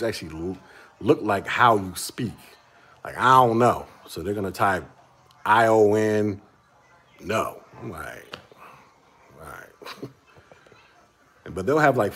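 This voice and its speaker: A man's voice: lowish voice, breathy edge. A man in his forties hosting a casual livestream and chatting with viewers, rambling, repeating words and chuckling often. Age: 40s. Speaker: livestream host reading chat.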